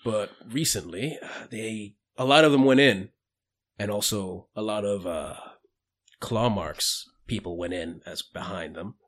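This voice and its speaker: A man voicing a wary older male bartender who keeps out of trouble, talking low and guarded. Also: measured pace.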